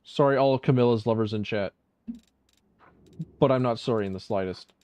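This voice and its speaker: A man's voice: mid-range voice, a little fast, a little mellow, clean tone. A man streaming a video game, talking casually in a rambling, profane, self-mocking way. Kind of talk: casual gameplay commentary.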